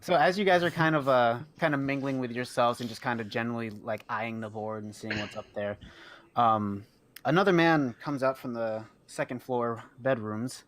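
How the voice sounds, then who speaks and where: A man's voice: medium pitch, normal speed, a bit bright. Rambling male game master. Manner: rambling, many ums and uhs. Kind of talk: narrating a tabletop game.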